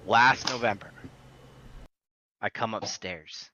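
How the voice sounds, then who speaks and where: A man's voice: mid-range voice, a little slow, long pauses, highs cut off, heavy background noise. A man telling a long, profane story in casual podcast chat. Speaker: podcast co-host.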